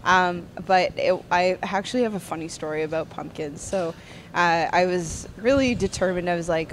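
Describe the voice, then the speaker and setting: A woman's voice: lowish voice, normal speed, slight background noise. A woman, a guest farmer chatting in an interview at a busy convention hall, with lots of fillers. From Ontario, Canada. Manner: chatty, frequent fillers and laughs. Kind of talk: casual storytelling interview.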